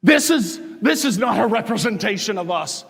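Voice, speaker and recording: A man's voice: sits high, expressive, normal speed, creaky, a bit bright, breathy edge. A man, a parish priest, preaching an impassioned sermon full of rhetorical questions and declared righteous anger. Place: large church. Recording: long church reverb.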